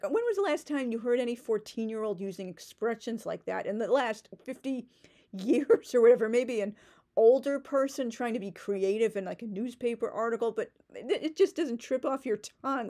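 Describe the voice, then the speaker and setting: A woman with a fairly high voice rants through a book critique, sarcastic and indignant. She talks loosely, with lots of "like" fillers and restarts. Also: lively intonation, moderate pace, dark tone.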